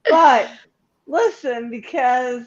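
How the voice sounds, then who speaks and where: A woman's voice: high-pitched, drawn-out words, highs cut off. A tipsy woman with hiccups, swearing casually as a guest in a group chat.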